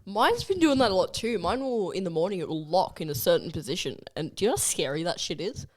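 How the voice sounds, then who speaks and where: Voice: mid-range voice, big pitch swings, fast. A young adult hosts a casual podcast chat, talking bluntly with lots of swearing. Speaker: podcast host.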